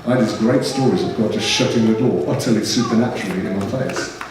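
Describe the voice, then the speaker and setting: A man's voice: fairly low pitch, quick pace. Middle-aged guy telling his story, heartfelt, big echoey hall, mic kinda far off, noisy. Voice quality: earnest, emotional storytelling. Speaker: speaker. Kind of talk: personal testimony talk. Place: large echoey church hall.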